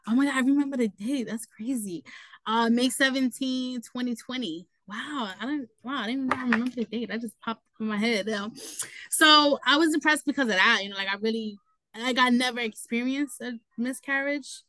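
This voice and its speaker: A young woman from New York City appears as a guest, telling her own story in casual talk. She's animated and quick to laugh, leaning on "you know" between thoughts. Her pitch is fairly high, and the recording is rough but free of echo.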